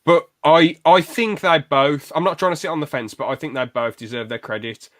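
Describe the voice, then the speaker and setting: With a fairly high, slightly bright voice, this podcast co-host talks in a chatty, eager way, dropping quick asides and short imitated quotes into the casual conversation. The audio is studio quality with no echo.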